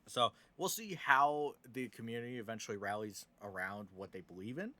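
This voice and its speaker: A man's voice: mid-range voice, a little fast, pushed and bright, dry recording. A man hosting casual gaming news commentary, opinionated and sarcastic, with many fillers.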